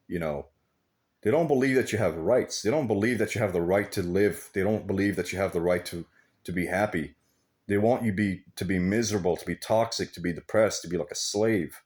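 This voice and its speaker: A man's voice: low-pitched, a little mellow. A man talking in a casual, rambling vlog monologue, swearing freely and laughing often. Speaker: vlogger.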